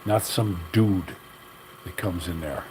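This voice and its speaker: An older man with a lowish voice holds forth on his livestream, blunt and opinionated, drifting from one gripe to the next. A faint engine rumble sits in the background. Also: takes it slowly, darkish tone, poor audio. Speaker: livestream host. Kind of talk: casual livestream rant.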